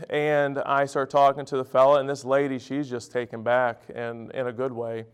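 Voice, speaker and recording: A man's voice: mid-range voice, little pitch movement, moderate pace, clear, resonant tone. A middle-aged man preaching a sermon. He talks in a conversational, storytelling way, with emphatic bursts.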